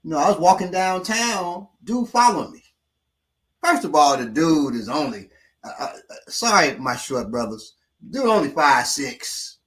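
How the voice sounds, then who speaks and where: Guy with a kinda high voice, telling stories all slangy and cussing, laid-back chat. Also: measured pace. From Chicago. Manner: animated, profane, slangy storytelling. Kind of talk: casual storytelling chat.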